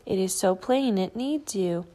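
A woman voicing a curious, polite male hermit crab in a storybook read-aloud, asking gently and courteously. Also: medium pitch, expressive, unhurried, natural voice. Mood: gentle, polite.

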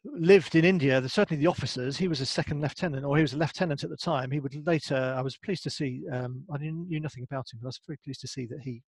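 A man's voice: fairly high pitch, quick pace, husky, dry recording. A man, a family history expert giving a hesitant presentation with many ums and restarts. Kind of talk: online presentation.

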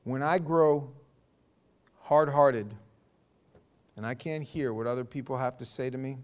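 A man's voice: medium pitch, unhurried. A man leading a church Bible study in a casual, conversational way, often restarting and asking the group questions.

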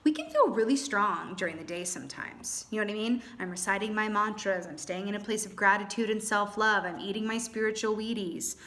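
A woman giving a casual tarot reading to viewers, chatty and animated with playful exclamations. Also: medium pitch, brisk, hardly any pauses. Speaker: tarot reader.

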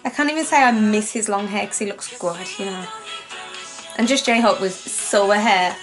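A young woman, gushing and rambling excitedly as she reacts on camera. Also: mid-range voice, moderate pace. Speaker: reaction video host. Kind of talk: casual reaction commentary. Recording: faint music in the background. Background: music playing faintly.

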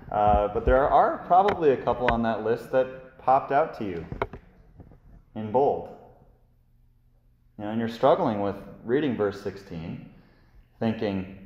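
A man's voice: medium pitch, a little mellow. A male preacher giving a sermon in an emphatic, conversational way with casual asides. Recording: echoey hall, dull lo-fi sound.

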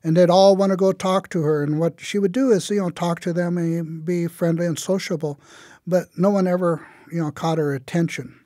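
A man telling a traditional tale in a relaxed, conversational way with frequent fillers. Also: sits high, normal speed, dry recording, clean studio sound. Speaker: storyteller. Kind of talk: oral storytelling of a traditional tale.

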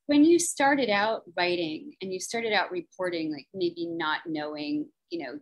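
A woman's voice: fairly low pitch, poor audio. A woman from New Jersey hosting a virtual book event on a video call, chatty and enthusiastic. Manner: chatty and enthusiastic, lots of fillers. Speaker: event host and moderator.

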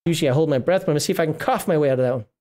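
A man's voice: on the high side, racing, a little mellow. A middle-aged man hosting a casual livestream, reading rules aloud and rambling, often breaking off mid-word. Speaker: livestream host reviewing a tabletop RPG book.

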